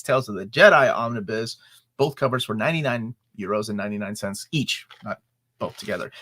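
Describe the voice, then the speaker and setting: A man in his forties co-hosting a live comics chat show, enthusiastic and relaxed, reading sponsor spots and answering viewers. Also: mid-range voice. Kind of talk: casual live-stream chat.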